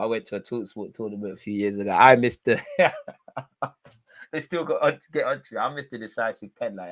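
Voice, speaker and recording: A young man with a London accent, chatting casually on a football watch-along stream in heavy slang, swinging between loud hype and low mutters. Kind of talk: casual live-stream chat.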